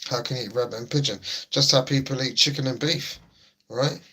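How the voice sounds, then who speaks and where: A middle-aged livestream host with a mid-range voice talks a little fast, his tone sharp with a breathy edge. He reads his chat and responds to viewers in laid-back, talkative banter, repeating himself along the way.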